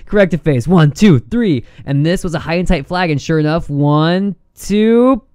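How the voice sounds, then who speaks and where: A man doing a casual vlog about trading charts, excitable and giddy, quick to laugh as he goes. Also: a little high, clean tone, dry recording, studio quality. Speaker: trading vlogger.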